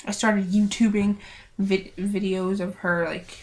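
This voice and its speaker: Rambling teenage girl with a gravelly edge. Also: medium pitch, flat delivery, a little hiss or hum. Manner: halting, rambling, often trails off quietly. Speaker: vlogger. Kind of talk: casual rambling vlog. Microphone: built-in camera mic.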